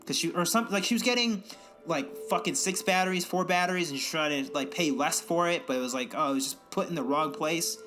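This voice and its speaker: A young man on a casual podcast, ranting and swearing freely while mimicking other people. His voice sits high and sounds bright and forceful, with faint music playing underneath. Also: fast. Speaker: podcast co-host. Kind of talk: casual profane rant.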